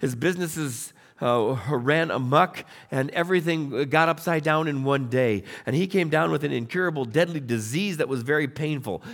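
A middle-aged man preaching a sermon, retelling scripture stories with animated storytelling and acted-out voices. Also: a little high, moderate pace, hardly any pauses. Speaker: pastor.

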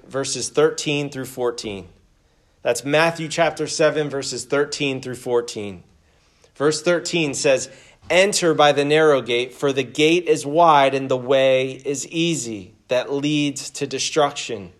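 A man delivers a sermon in a church at a deliberately slow, measured pace. His voice sits a little higher than most men's, and his delivery is earnest, moving between scripture readings and a prayer. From United States. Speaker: pastor.

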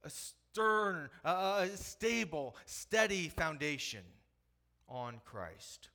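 A man in his thirties delivers a sermon in a fairly high, bright voice. He sinks to near-hushed tones on his central points and surges to loud, emphatic peaks elsewhere. He repeats phrases and restarts sentences as he presses each point home. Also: sing-song, drawn-out words. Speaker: pastor.

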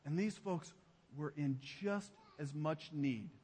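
High-voiced pastor preaching in a hall. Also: male voice, slow, husky. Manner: emphatic preaching, drops to a hushed low voice on key phrases. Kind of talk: sermon. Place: church sanctuary.

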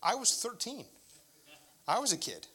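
A man's voice: very high voice, wildly swooping pitch, normal speed, bright, forceful tone, husky. A middle-aged male pastor preaching a sermon in a candid, conversational storytelling way.

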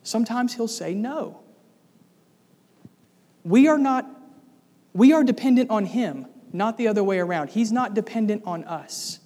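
A man's voice: high voice, animated, measured pace, long pauses, a little mellow. A man preaching a sermon, speaking emphatically and putting rhetorical questions to the congregation. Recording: long reverb of a large hall.

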